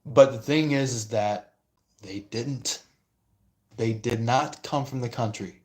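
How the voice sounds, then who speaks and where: A man giving a casual astrology reading and responding to viewer comments, talking hesitantly with many fillers. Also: fairly low pitch. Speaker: astrology and tarot reader.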